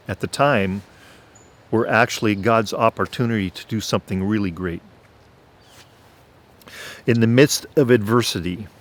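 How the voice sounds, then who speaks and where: A man telling his faith testimony on his own channel in an earnest way, clearing his throat at times. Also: fairly low pitch. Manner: slow, earnest, preacher-like. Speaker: channel host.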